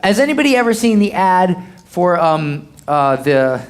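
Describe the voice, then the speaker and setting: Brief: blunt marketing coach in a live Q&A, mid-pitched, punchy and repetitive. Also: very animated, moderate pace. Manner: punchy and repetitive, peppered with "okay?" and "boom", blunt, occasional swearing.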